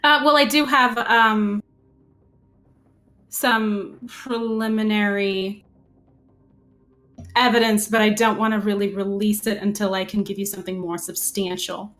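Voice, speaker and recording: A woman's voice: mid-range voice, fairly even intonation, unhurried, pauses often, a bit bright, soft background music. A woman playing a defense lawyer in a tabletop role-play, speaking hesitantly with stammering restarts. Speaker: player.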